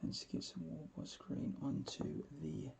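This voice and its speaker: A man in his forties hosting a live painting stream, chatting casually and rambling with chuckles, often trailing off into quiet mumbles. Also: on the high side, fairly even intonation, a little slow, vocal fry. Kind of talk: casual chat while painting.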